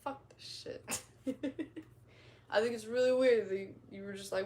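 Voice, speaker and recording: A woman's voice: mid-range voice, steady tone, moderate pace, pauses often, warm tone, a little hiss or hum. A young woman casually chatting on a stream, reading out comments and reacting in a blunt, profane, rambling way. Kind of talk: casual livestream chat.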